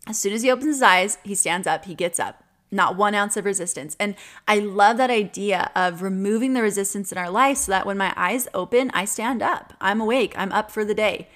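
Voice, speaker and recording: A woman in her twenties hosts a podcast, musing casually and earnestly on her own with plenty of laughter and fillers. She has a medium-pitched, slightly bright voice and talks a little fast.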